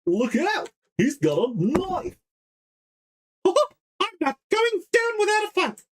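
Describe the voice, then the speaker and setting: A woman's voice: very high-pitched, wildly swooping pitch, takes it slowly, slight background noise, voice pushed up, exaggerated voice. A woman doing an impression of a dopey, cheerful male cartoon dog, with silly yelping exclamations. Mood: goofy, excited.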